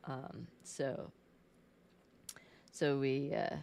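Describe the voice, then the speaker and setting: A woman's voice: low voice, slow pace, slight background noise. A woman painting on a live stream, chatting casually as she greets her viewers and talks to her cat.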